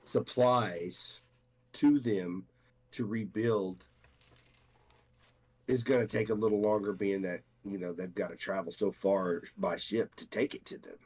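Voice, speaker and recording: Husky low-voiced male podcast co-host. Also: steady tone, a little slow, a little mellow. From United States. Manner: rambling, with frequent restarts and fillers. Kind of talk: casual chat.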